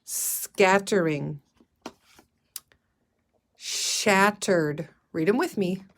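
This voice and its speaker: A woman teacher leading a phonics lesson, slowly sounding out word parts and encouraging her young listeners. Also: mid-range voice. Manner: encouraging, calls listeners "friends". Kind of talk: guided reading phonics lesson.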